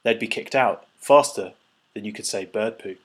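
Husky male storybook narrator. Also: lowish voice, moderate pace. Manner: storytelling, voices characters. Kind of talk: audiobook narration.

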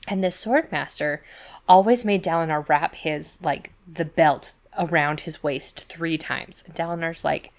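Low-voiced woman telling a rambling story. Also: a little slow. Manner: chatty storytelling full of fillers and asides; acts out quoted voices in retellings. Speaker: podcast co-host. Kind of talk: casual chat.

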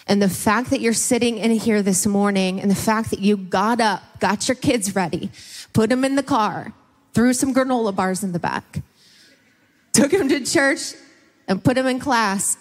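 A young woman from Ohio speaking to a church congregation, emotional and laughing, often close to tears. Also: mid-range voice. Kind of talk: Mother's Day church talk. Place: large church hall. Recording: long reverb of a hall.

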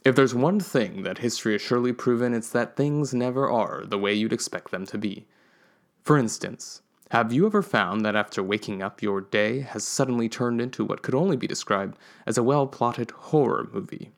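A man, a writer and podcast co-host, reading his story aloud in a measured way and stopping to correct himself. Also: mid-range voice.

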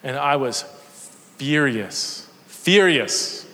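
A man's voice: mid-range voice, expressive, drawn-out words, fairly bright tone. A man preaching a sermon in a church, telling stories with energy and self-deprecating humor. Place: church sanctuary. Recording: long church hall reverb.

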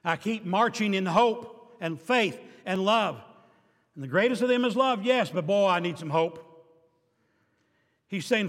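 An older man preaching a sermon as pastor, swinging between emphatic declarations and quiet asides with dry humor. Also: sits high, sing-song, moderate pace. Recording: reverberant hall.

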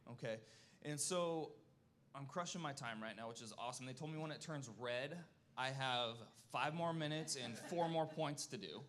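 A man's voice: a little high, fairly bright tone, a little hiss or hum. Guy in his 30s doing a church testimony, earnest and folksy, keeps saying okay?, choked up. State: emotional, close to tears. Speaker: church speaker. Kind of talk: personal testimony talk.

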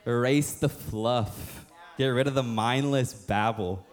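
A man's voice: mid-range voice, slow pace. Joking young male pastor preaching. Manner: casual, joking, acts out quoted voices. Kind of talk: sermon.

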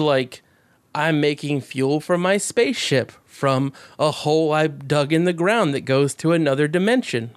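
A man co-hosting a podcast, talking about games in a fast, rambling way, swearing often and getting excited. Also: a little high, clean tone, dry recording. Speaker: podcast co-host. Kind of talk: casual chat.

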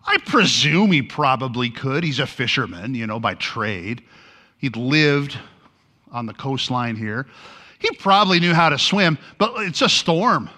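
A pastor preaching a sermon, telling a story with lively energy and acting out the lines he quotes. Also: mid-range voice, unhurried.

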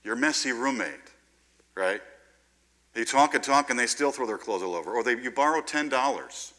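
A man preaching a sermon in a lively, conversational way, often checking in with "right?". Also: mid-range voice, normal speed.

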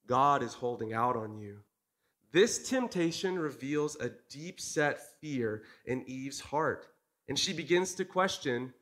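A man's voice: medium pitch, lively intonation, moderate pace, fairly bright tone. A man in his thirties giving a sermon in a conversational, earnest way, often asking the congregation questions. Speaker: part-time preacher.

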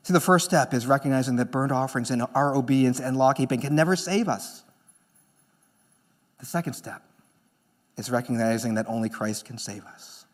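A pastor preaching a sermon in an earnest manner, moving between emphatic lines and hushed ones. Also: male voice, mid-range voice.

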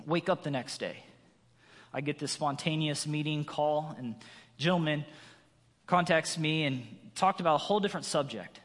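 A man's voice: fairly high pitch, normal speed, a bit bright. A man in his thirties preaching a sermon, telling a personal story and acting out quotes with a raised voice. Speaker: guest preacher. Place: church sanctuary. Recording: long reverb of a large hall.

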